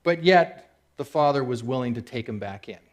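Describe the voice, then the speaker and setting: A man in his forties giving a casual, conversational sermon in a church, telling a story and acting out its characters with sudden excited outbursts. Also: mid-range voice, normal speed. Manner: conversational storyteller who acts out characters with big swings into excited shouts. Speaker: speaker at a church service. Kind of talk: sermon retelling a parable. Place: church hall.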